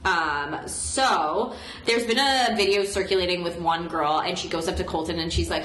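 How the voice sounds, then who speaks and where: A woman's voice: fairly low pitch, moderate pace, fairly bright tone. A young woman in her twenties co-hosting a podcast in casual chat, full of "like" fillers. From Vancouver, Canada. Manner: chatty, filler-heavy with frequent "like". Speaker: podcast co-host. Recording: echoey room with faint noise.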